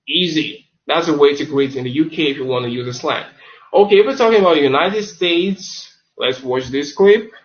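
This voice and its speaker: Male tutor, fairly high voice, casual webinar delivery, dull lo-fi sound. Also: moderate pace. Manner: chatty, loose, self-correcting, says the same word several times over. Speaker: online English teacher. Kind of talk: webinar lesson on slang.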